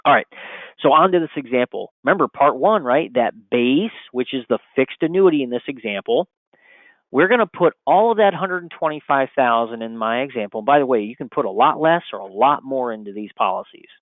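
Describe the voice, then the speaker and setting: A man's voice: mid-range voice, lively intonation, brisk, no echo. A man giving an upbeat sales presentation to financial advisors, with frequent rhetorical questions. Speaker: insurance product presenter. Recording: dry, phone-like narrow sound.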